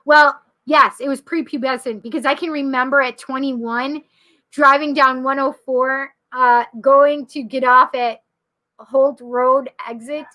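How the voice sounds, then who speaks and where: Chatty bright-voiced woman, high pitch. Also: steady tone, unhurried. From Rochester area, New York. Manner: chatty, laughs often, acts out quoted people. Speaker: psychic medium livestream host. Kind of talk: casual livestream chat, reading viewer comments.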